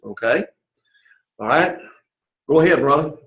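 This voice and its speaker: A man teaching a Greek language class in a patient lecturing manner, his voice pitched a bit high. He keeps pausing to check that the students follow. The recording sounds dull and lo-fi. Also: animated, fairly bright tone. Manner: patient, checks in with "okay?" and "all right?".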